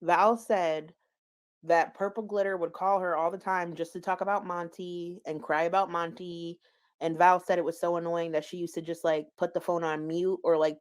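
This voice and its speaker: A woman giving casual, gossipy commentary on online drama. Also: fairly low pitch. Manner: chatty, gossipy, laughs at own stumbles. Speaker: commentary streamer.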